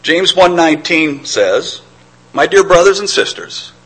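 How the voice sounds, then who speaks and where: A man's voice: fairly high pitch, lively intonation, measured pace, a bit bright, slightly rough, low-quality recording. A middle-aged man preaching a sermon in an earnest, reflective way, sometimes stammering and restarting.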